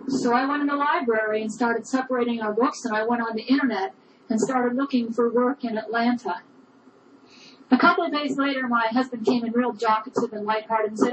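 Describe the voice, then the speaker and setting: A woman's voice: a little high, fairly quick, noisy background. A woman telling a personal story with indignation, often repeating "I said" as she recounts arguments. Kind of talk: personal testimony.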